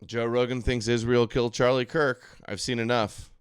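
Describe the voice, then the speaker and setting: A man's voice: mid-range voice, level tone, moderate pace, clean tone, no echo. A man hosting a late-night livestream, reacting to clips with sarcastic, dismissive comments. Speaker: livestream host.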